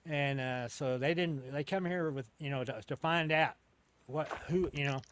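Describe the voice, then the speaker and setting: A man's voice sitting a little higher than most men's. He is an interview guest telling a long story in a loose, conversational way. He often backtracks and restarts, and drops casual swear words as he goes. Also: moderate pace, a bit bright. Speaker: interview guest recounting an encounter.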